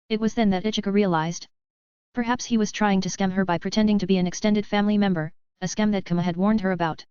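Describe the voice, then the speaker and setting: A woman reading a light novel aloud as an audiobook narrator, in a steady storytelling manner. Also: medium pitch, quick pace, clear, resonant tone, no echo. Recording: dry, slightly dull lo-fi.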